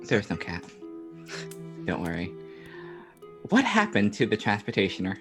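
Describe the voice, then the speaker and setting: A man playing a tabletop game, firing off quick, playful questions. His voice is animated and moves up and down a lot, with faint music underneath. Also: on the low side. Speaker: player.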